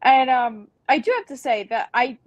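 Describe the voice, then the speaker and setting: A woman talking as a guest on a podcast about her band, chatty and full of ums and likes. Her voice sits fairly high. It is recorded close and dry, with no room around it. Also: moderate pace, dry recording. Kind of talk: casual podcast interview.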